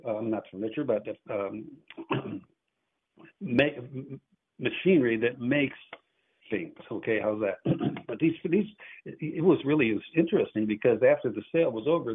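A man's voice: medium pitch, breathy edge. A man hosting a call-in radio show as an antique auctioneer, chatting in a rambling, self-interrupting way. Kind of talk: casual call-in radio talk. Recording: tinny phone-like radio audio.

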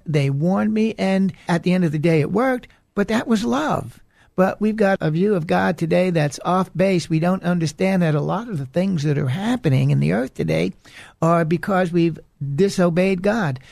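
Gravelly earnest male preacher. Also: high-pitched, a little mellow, no echo, studio quality. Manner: earnest, warning, emphatic. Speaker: radio preacher and host. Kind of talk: preaching monologue.

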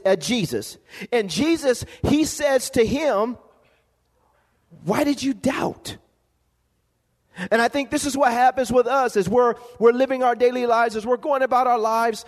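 A man with a very high voice preaches a sermon to his congregation. He calls for amens and repeats words as he drives each point home. His voice rings out with a long reverb, as in a church sanctuary. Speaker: pastor.

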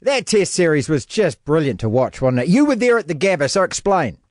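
A man's voice: a little high, sing-song, brisk, darkish tone, dry recording, clean studio sound. A man from New Zealand hosting a radio show, bantering in a playful, casual way. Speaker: radio host.

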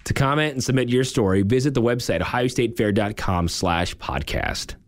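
A man's voice: mid-range voice, lively intonation, normal speed. A man hosting a podcast, reading introductions and an upbeat promotional spot. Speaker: podcast host. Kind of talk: scripted narration and ad read.

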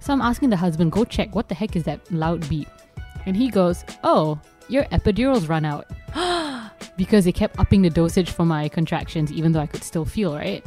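A woman telling a personal story in casual chat, acting out what others said in animated bursts. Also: fairly low pitch, brisk, faint music behind.

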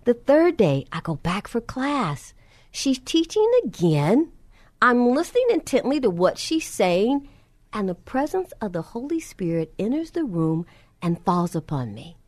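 Woman preacher, higher voice with a wide swinging pitch, tells testimony and plays every part of the dialogue. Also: very animated, measured pace, dry recording. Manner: storytelling, acts out both sides of dialogue, drops soft and low for reverent moments. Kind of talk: sermon with personal testimony.

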